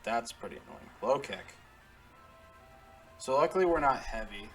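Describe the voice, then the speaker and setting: A man's voice: medium pitch, expressive, moderate pace, soft background music. A man casually commenting while he plays a video game, chatty, laughing often and talking to the characters on screen. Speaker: gaming channel host. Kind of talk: casual let's-play commentary.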